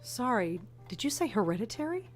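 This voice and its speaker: A woman's voice: on the high side, very animated, brisk, soft background music. An actress playing a wary, defensive young woman in a game, with a guarded, questioning manner. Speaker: game character. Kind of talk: studio game voice acting.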